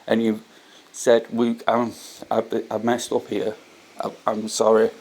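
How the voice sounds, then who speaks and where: A man's voice: lowish voice, monotone, takes it slowly, darkish tone, husky. A man talking earnestly in a casual, unscripted reflection on faith, often repeating his points and restarting his sentences. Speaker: vlogger sharing faith reflections. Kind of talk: casual spoken reflection to camera.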